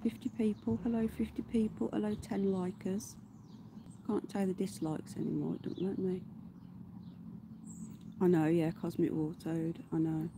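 A woman's voice: fairly low pitch, level tone, moderate pace, pauses often, background noise. A woman hosting a casual livestream from her garden, chatting to viewers, greeting them by name and swearing offhand. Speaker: livestream host. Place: outdoors in a garden.

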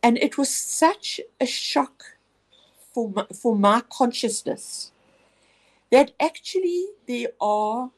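A woman's voice: fairly high pitch, animated, slow. A woman guest on a radio interview telling a personal story, reflective and earnest, often restarting her sentences.

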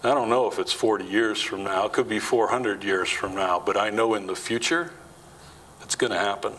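A man's voice: steady tone, moderate pace, a bit bright, slight background noise, rough recording. A man preaching a sermon in a church, talking conversationally, asking the congregation questions and acting out quoted lines. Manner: acts out quoted lines with rising pitch. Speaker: pastor.

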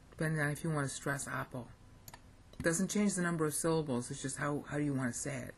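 A woman's voice: low voice, fairly even intonation, brisk, slight background noise. An American woman giving a casual lesson, reading Greek phrases aloud, thinking aloud and correcting herself as she goes. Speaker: Greek language teacher.

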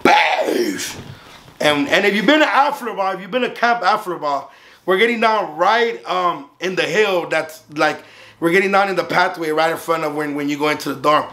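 A man's voice: sits high, brisk. A young man from Southern California casually telling a story as a vlogger, swearing freely and acting out the voices of the others in it. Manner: profane, animated, acts out the other voices.

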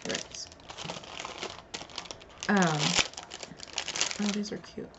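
A woman's voice: on the low side, drawn-out words, heavy background noise. A woman casually showing off handmade crafts in an unboxing vlog, gushing and muttering little asides as she handles the pieces. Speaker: crafter revealing a card swap.

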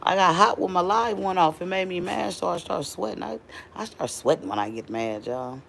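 A middle-aged woman talking casually to her live stream viewers from her home doorway on a phone, chatty and animated. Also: on the low side, normal speed, gravelly, slight background noise.

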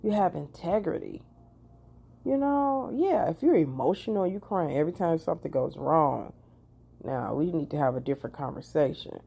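A woman in her forties, a therapist and life coach, giving casual advice in a chatty, personal way with animated asides to the viewer. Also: deep voice, normal speed, vocal fry, breathy edge. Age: 40s.

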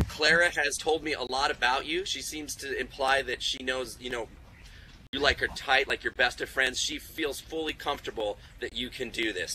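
A man's voice: medium pitch, sharp tone, a little hiss or hum, low-quality recording. A man hosting a live online class field trip, quizzing school classes in an upbeat, encouraging way. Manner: upbeat, encouraging, praises kids. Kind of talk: live interactive quiz with classrooms.

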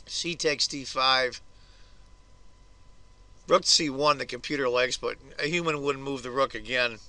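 A hoarse man hosting his own chess video, talking through a game's moves with blunt, grumbling asides. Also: mid-range voice, a little slow, bright, forceful tone. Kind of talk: casual chess game commentary.

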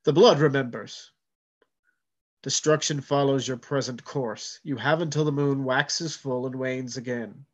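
A man voicing an ancient sea spirit speaking through a boy, slow, booming and solemn. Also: steady tone, lo-fi sound, lightly acted. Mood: solemn commanding.

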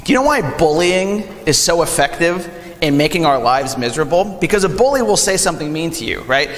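A young man preaching a sermon, animated, acting out quick quoted asides in a church sanctuary. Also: a little high. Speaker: pastor. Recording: long hall reverb.

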